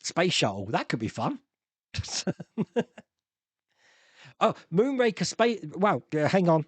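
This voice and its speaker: A chatty man from Australia hosts a live stream, answering viewer comments in a casual, rambling way. His voice sits a touch high and swings lively up and down, and he often restarts his sentences and chuckles to himself. The recording is dry and close. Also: slow pace, no room sound.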